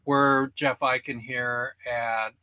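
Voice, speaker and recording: A man's voice: medium pitch, level tone, slow pace, smooth, lo-fi sound. A man hosting a casual online talk show, chatting with his guests in a folksy, enthusiastic way. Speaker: host. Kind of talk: casual chat.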